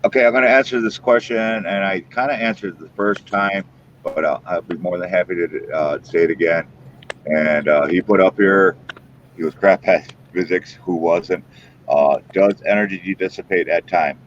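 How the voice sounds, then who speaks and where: Man, very low voice, emphatic casual chat, lo-fi mic. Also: moderate pace, a little hiss or hum. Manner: folksy, emphatic, drawling. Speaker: paranormal show host. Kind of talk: casual live-stream chat. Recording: muffled lo-fi stream audio.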